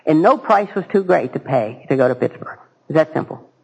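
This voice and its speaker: A man giving a halting, earnest personal testimony to a recovery group, with dry self-mocking humor. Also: a little high, animated, vocal fry, slightly rough, rough recording. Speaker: speaker sharing his recovery story.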